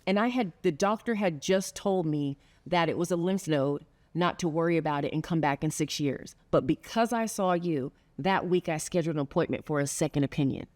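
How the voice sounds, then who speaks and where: Earnest storytelling woman host, lowish voice. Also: a little fast, hardly any pauses, darkish tone. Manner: earnest, storytelling, laughs often. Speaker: podcast host. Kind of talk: heartfelt sit-down conversation.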